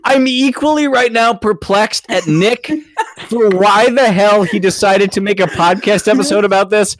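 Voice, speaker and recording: Exasperated, high-voiced man ranting. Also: moderate pace, no echo. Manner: exasperated, swearing rants. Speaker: podcast co-host. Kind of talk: casual chat.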